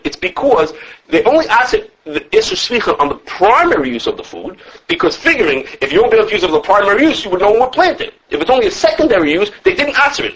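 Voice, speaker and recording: A man teaches a religious law class at a quick clip. His voice rides high and swings widely as he works through his points aloud. The sound is dull and lo-fi, with a husky edge to his voice. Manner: animated, quick, thinks aloud with restarts and quoted sources. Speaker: rabbi teaching a halacha class. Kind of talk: lively classroom lecture with questions from students.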